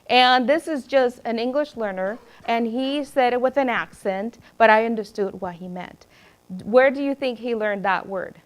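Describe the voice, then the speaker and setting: A middle-aged woman educator speaking to a room of teachers in a slightly higher voice. She tells classroom anecdotes with lively energy, acting out the people she quotes. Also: moderate pace. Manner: lively storyteller who acts out quoted voices. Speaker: educator presenting at a teacher training. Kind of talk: presentation to teachers.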